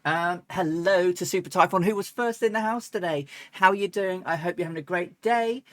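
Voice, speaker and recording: A woman's voice: fairly low pitch, a little fast, no echo. A woman streaming a flight simulator, chatting casually and rambling with lots of ums and restarts, now and then breaking into laughs. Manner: bursts into laughs and chants. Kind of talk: casual live-stream chat.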